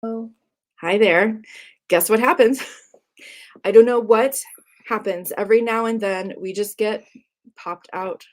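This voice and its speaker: A woman's voice: mid-range voice, slow pace, pauses often. A woman hosting a live art tour for kids, playfully quizzing a child on words and laughing often. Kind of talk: live-stream lesson for kids.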